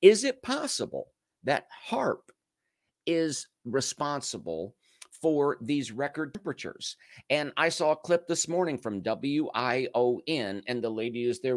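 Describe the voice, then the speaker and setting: A man's voice: medium pitch, sing-song, measured pace, dry recording, studio quality. A man from Canada hosting a livestream, talking casually to his chat and firing off strings of rhetorical questions. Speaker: livestream host. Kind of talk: casual commentary to a live chat.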